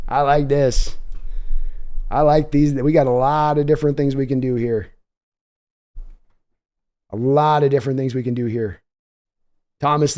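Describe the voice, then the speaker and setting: Excitable man hosting a draft livestream. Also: mid-range voice. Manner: excitable, chatty, reads donations aloud. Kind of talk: live-stream commentary.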